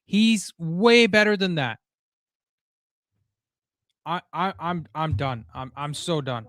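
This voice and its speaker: A man's voice: on the high side, slow, fairly bright tone, no room sound. Fuming man ranting over a football match. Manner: frustrated ranting with swearing and stammered restarts. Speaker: football watchalong host. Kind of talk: live match reaction. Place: home room.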